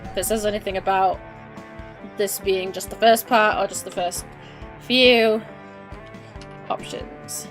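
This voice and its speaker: Expressive woman streaming a game. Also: medium pitch, unhurried, long pauses, faint music behind. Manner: expressive, swears often, playfully self-mocking. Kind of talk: casual live game commentary.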